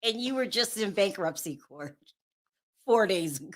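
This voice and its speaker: A woman's voice: mid-range voice, animated, unhurried, a bit bright, slight background noise. A woman hosting her own channel, giving sassy, exasperated gossip commentary and often laughing in disbelief. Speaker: channel host.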